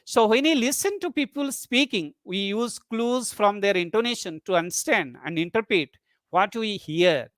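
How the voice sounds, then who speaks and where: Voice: mid-range voice, lively intonation, normal speed, a bit bright, dry recording. Methodical webinar lecturer in a dry recording. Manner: methodical, explains step by step with repeated definitions. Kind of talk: academic lecture on phonetics. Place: online webinar.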